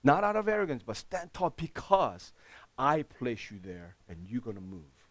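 A man preaching a sermon as pastor, speaking with dropped articles and swinging between loud outbursts and quiet asides. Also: medium pitch, very animated, normal speed, no echo. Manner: plain broken English with dropped articles.

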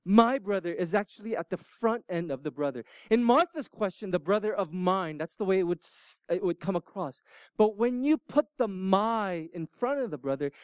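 Brief: middle-aged man, pastor giving a sermon, high voice, swings from emphatic to hushed, dry close mic. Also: smooth, dry recording. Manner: animated, emphatic preaching that drops to hushed, near-whispered moments.

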